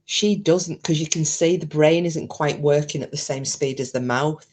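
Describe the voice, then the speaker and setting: A woman hosts a casual live stream, her voice sitting low as she talks straight to her viewers. She is blunt and chatty, and she swears freely. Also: normal speed, a little mellow.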